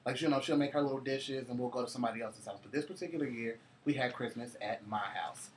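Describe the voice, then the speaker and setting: A man's voice: medium pitch, quick pace, a little hiss or hum. A man co-hosting a casual chat, telling loose, profane holiday stories with frequent laughter. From Cincinnati, US. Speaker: co-host.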